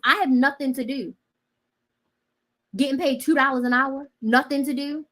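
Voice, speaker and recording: A woman hosts a casual chat, telling a personal story dramatically in a high-pitched voice at a moderate pace. She swings between loud outbursts and quiet asides.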